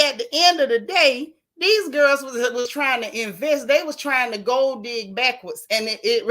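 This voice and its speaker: Hosting a casual gossip chat, this woman has a bright, forceful voice of fairly high pitch. She shares her stories with live viewers in a folksy, joking, animated style.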